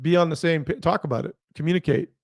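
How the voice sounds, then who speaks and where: A man hosting a podcast who answers with short agreements and teasing remarks. His voice is fairly high and gravelly with lots of fry. The sound is dry and close. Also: fast talker, no echo. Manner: brief affirmations and teasing asides. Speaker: podcast host. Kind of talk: casual podcast conversation.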